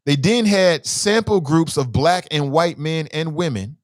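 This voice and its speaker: A man's voice: on the high side, lively intonation, a little slow, no echo, studio quality. A man hosting a casual news commentary show, chatting and asking viewers questions.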